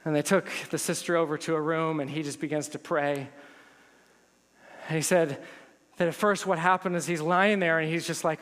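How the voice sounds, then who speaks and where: A man with a high, bright preaching voice delivers a sermon, telling stories in an animated way and building to emphatic intensity. His voice rings out with a long, lingering reverb from a church sanctuary. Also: moderate pace. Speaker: pastor.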